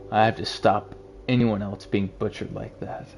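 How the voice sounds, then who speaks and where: A man reading the part of a weary, self-doubting animal detective as a quiet, brooding inner monologue. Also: fairly low pitch, level tone, moderate pace, creaky, slight background noise. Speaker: game voice-over reader. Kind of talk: reading a story game aloud.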